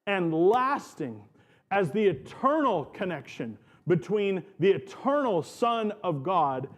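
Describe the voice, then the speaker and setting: A male pastor delivers a sermon in a church. He talks at an unhurried, measured pace, and his voice sits a little high for a man. He stretches out and stresses the phrases he wants to land. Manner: earnest, emphatic preaching with slow stressed phrases.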